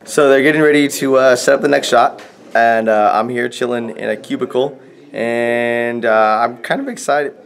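A man's voice: mid-range voice, fairly even intonation, normal speed, creaky. A young man hosting a casual behind-the-scenes vlog, joking as he narrates. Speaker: vlogger.

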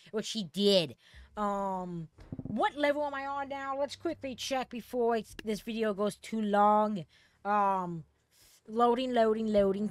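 Excitable woman narrating gameplay. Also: on the high side. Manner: excitable, swears freely, bursts into shouts and laughter. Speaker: gaming channel host. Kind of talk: gameplay commentary.

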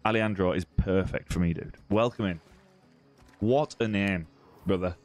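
A southern English man in a home setup chats his way through a live gaming stream, reading comments aloud and joking with viewers. His voice sits low and easygoing, full of "mate" and "bro". Soft background music plays beneath him. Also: moderate pace. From southern England. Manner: chatty and teasing, many "mate" and "bro" tags, restarts. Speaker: live-stream gamer host. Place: home room.

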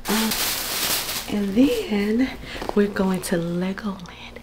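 A woman in her thirties talking to camera in a casual vlog, earnest when she reflects and excited, half whispering, when she shows things. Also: medium pitch, slow pace, very noisy. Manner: earnest, faith-filled reflection; excited, partly whispering show-and-tell. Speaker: vlogger.

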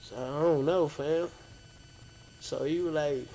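A man retelling past events in a relaxed, rambling way, dropping slang like "fam" and "bro". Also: on the high side, unhurried, slight background noise, low-quality recording. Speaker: interviewee, friend of the late DJ. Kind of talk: casual storytelling interview.

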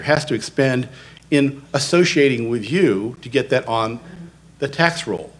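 A man's voice: mid-range voice, fairly bright tone. Middle-aged male consultant, emphatic and explanatory, addressing a public meeting. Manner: emphatic, explanatory, stresses key words. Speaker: assessment consultant addressing city commission. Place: city commission meeting.

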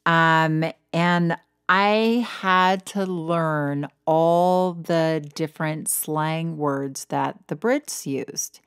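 A woman's voice: low voice, drawn-out words, clear, resonant tone, no room sound, studio quality. A middle-aged woman hosting a casual solo podcast as a weight loss coach, chatty and self-deprecating, laughing at herself.

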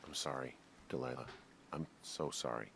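A man's voice: rumbling low, moderate pace, vocal fry, a bit bright, exaggerated voice. An actor playing a weary middle-aged male fire lookout in a video game, speaking in a subdued, somber way. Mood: sorry. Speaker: game character. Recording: noisy game audio.

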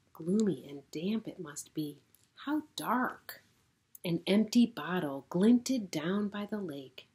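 A middle-aged woman pastor reading a children's story aloud in a gentle storytelling manner. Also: on the low side. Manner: gentle, slow, warm storytelling.

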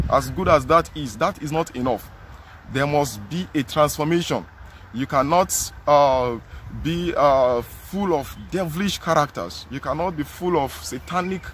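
A man's voice: a little high, a little hiss or hum. A man with a Nigerian English accent preaching a sermon outdoors, earnest and emphatic, repeating his phrases.

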